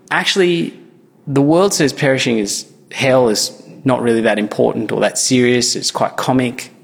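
This pastor's medium-pitched voice has a creaky quality as he preaches a sermon in church, earnest and conversational and frequently starting over. Long reverb from the church hall fills the recording.

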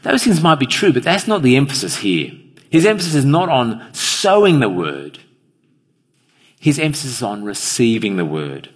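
Husky-voiced preacher in a reverberant hall. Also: male voice, medium pitch. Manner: earnest, asks the listeners questions directly. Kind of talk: evening sermon. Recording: long reverb of a large hall.

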